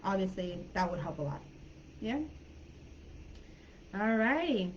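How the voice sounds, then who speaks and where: A woman's voice: medium pitch, expressive, slow pace, lo-fi sound, a little hiss or hum. Chatty Californian woman teaching online. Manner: friendly and chatty, many fillers. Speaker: English teacher. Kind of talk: casual live online class.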